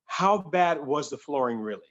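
A man's voice: fairly high pitch, lively intonation, moderate pace, a bit bright, highs cut off. A man who is a comedian, telling stories and chatting in a Q&A over a video call. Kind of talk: storytelling and Q&A chat.

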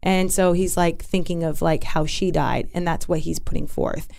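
Low smooth-voiced woman recounting candidly. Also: steady tone, darkish tone. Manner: halting, candid, many restarts and asides. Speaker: interview guest. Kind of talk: personal storytelling in conversation.

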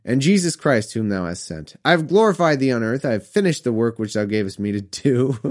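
A man reading scripture aloud slowly and breaking off into wry, self-mocking comic riffs. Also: mid-range voice, very animated. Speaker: comedic scripture reader.

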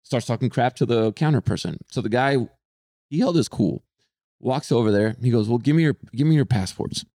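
A young man co-hosting a podcast, telling a story in casual chat, animated and swearing, acting out people who shout. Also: medium pitch, brisk, no room sound, studio quality. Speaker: podcast co-host.

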